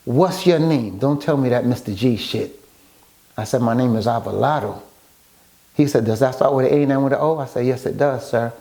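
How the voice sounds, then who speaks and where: A man recounting how he met someone, in a relaxed interview. He slips into the voices of the people he talks about, keeping a middle-pitched, everyday voice. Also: a little fast, vocal fry. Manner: animated storyteller acting out quoted dialogue. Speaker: guest, author and photographer. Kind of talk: casual storytelling interview.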